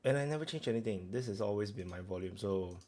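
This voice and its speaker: A man's voice: fairly low pitch, expressive, fast talker, a little mellow. A man hosting a live stream in a casual, rambling way, filling gaps with chatter and talking to viewers. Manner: rambling, lots of fillers and restarts, chatting with viewers.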